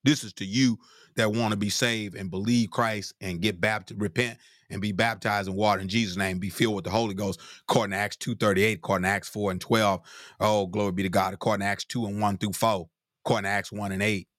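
A man's voice: steady tone, fast talker, fairly bright tone, no room sound, studio quality. A man preaching a sermon with fervor, calling out "glory" and asking "hmm?" between scripture readings. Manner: fervent, repeats "glory be to God" and "hmm?", pitch climbs when stirred.

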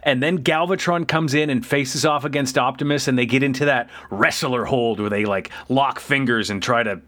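A man's voice: medium pitch, a bit bright. Laid-back man recapping a cartoon episode. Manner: loose, profane, laughing recap with quick asides. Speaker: podcast co-host. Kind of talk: casual recap chat.

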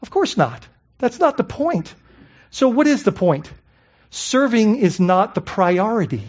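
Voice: mid-range voice, very animated, a little slow, a little mellow, lo-fi sound. A pastor preaching a sermon in a conversational way, asking the congregation rhetorical questions and often adding "I mean" and "right?".

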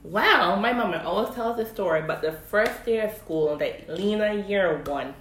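A woman's voice: mid-range voice, expressive, moderate pace, a bit bright, slight background noise. A young Caymanian woman chatting casually as a podcast co-host, with lots of fillers and likes. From Cayman Islands. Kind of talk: casual chat. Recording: echoey room.

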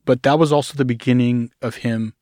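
A middle-aged man in an interview, telling his own story in a halting way, often restarting, sometimes acting out the voices he quotes. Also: mid-range voice, steady tone, a little mellow, no room sound, clean studio sound. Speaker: guest.

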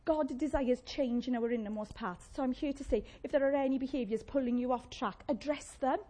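A woman preaching a sermon, animated and conversational, with playful asides to the congregation. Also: high voice, brisk.

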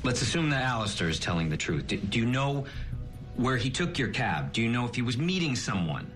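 A man's voice: medium pitch, sing-song, brisk, over music, close to an everyday voice. An actor playing a male detective who questions a suspect with pointed questions. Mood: probing. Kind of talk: TV comedy acting.

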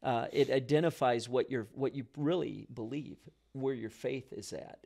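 A man's voice: mid-range voice, moderate pace, vocal fry. A man talking casually about prayer and faith, telling stories with many restarts. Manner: animated storyteller with frequent restarts.

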